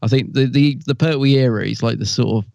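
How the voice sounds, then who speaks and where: A man's voice: mid-range voice, gravelly, darkish tone, no room sound. Laughing man on a dull, lo-fi mic. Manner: laughs often, quick agreeing interjections. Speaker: podcast co-host. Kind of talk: casual fan chat.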